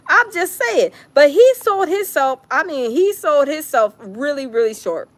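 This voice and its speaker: A woman hosting a live stream, chatting casually about gossip and reading out viewers' comments, animated and repeating phrases for emphasis. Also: sits high, a little slow, hardly any pauses.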